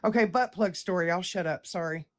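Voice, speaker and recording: A woman's voice: fairly low pitch, fairly quick. A woman hosting a livestream chat, brash and profane, boasting and ranting in a casual way. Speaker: livestream host.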